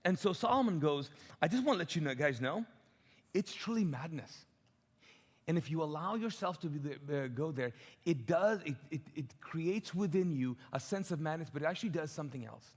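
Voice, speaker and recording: A man preaching a sermon as a pastor, animated and humorous, asking the congregation to call out answers. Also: on the high side, a little fast, husky. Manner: tells humorous stories with acted-out quotes. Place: church auditorium. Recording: long hall reverb.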